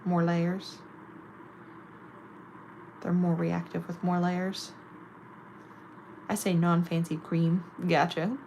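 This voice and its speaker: A woman's voice: on the low side, level tone, slow pace, pauses often, mellow, a little hiss or hum, poor audio. A woman chatting casually and giggling while doing her nails on camera. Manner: chatty, giggly, self-mocking. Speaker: nail vlogger.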